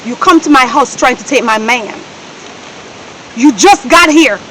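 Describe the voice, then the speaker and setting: A woman acting as a young Jamaican housemaid who begs and sobs her way through, tagging her lines with a drawn-out "oh". Her voice sits very high. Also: expressive, bright, forceful tone, slight background noise, exaggerated voice, low-quality recording. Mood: pleading. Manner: pleading, tearful, ends phrases with "oh". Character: young maid, timid and pleading. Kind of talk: comedy skit acting.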